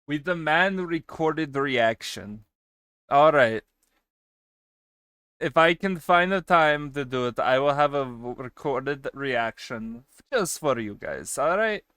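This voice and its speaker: A man streaming and chatting casually with his viewers. He swings between loud excited bursts and quieter asides, and he swears casually. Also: medium pitch, slow pace, clear, resonant tone, no echo, clean studio sound. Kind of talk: casual chat with a live stream chat.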